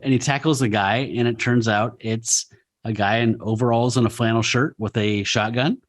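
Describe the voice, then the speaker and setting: A man's voice: medium pitch, steady tone, moderate pace. A man co-hosting a podcast, recapping a comic in a running play-by-play with wry asides. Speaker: podcast co-host. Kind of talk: casual comic-book podcast chat.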